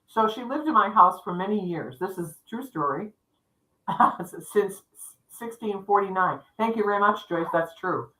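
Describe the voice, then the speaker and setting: A middle-aged woman, a psychic co-hosting a livestream, telling her stories in a chatty, lively way and acting out the dialogue. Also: medium pitch, measured pace, reverberant, rough recording. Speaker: psychic co-host. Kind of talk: storytelling in casual chat. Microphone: livestream setup.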